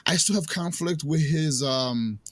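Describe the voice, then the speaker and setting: A man chatting as a movie reviewer, animated and profane, full of fillers. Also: on the high side, unhurried, no echo. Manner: animated, swears, many fillers. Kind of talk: casual chat.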